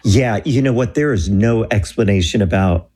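A low-voiced man with a husky edge tells his story earnestly on a Christian talk show. He acts out the dialogue in an animated way. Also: moderate pace. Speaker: guest telling a mission story.

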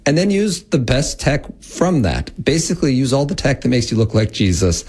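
A man's voice: mid-range voice, big pitch swings, moderate pace, a little mellow, slightly rough. A man in his thirties, a guest explaining parenting and technology in an earnest, explanatory way. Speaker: guest, Christian tech educator. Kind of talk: interview conversation.

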